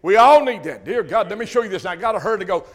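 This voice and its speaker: High-pitched older preacher, impassioned. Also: male voice, expressive, fast talker. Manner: impassioned preaching, swells loud on emphasis. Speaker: pastor. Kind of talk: sermon.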